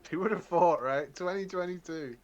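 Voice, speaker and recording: A man's voice: high voice, normal speed, lo-fi sound. A man co-hosting a podcast, chatting casually with dry jokes and stammered restarts. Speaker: podcast co-host. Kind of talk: casual chat.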